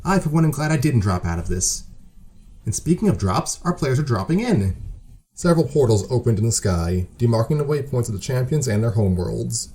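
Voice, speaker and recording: A man's voice: mid-range voice, lively intonation, brisk, warm tone. A man hosting a story show and narrating a fan story, with dry, self-mocking humor. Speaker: host and narrator.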